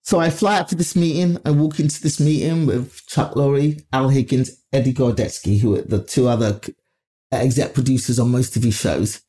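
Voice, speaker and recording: A woman comedian from Nigeria, spinning a story in an interview. She talks with lively, salty delivery, swearing freely and acting out what other people said. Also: extremely low pitch, moderate pace. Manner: animated, profane, acts out other people's voices. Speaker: comedian guest.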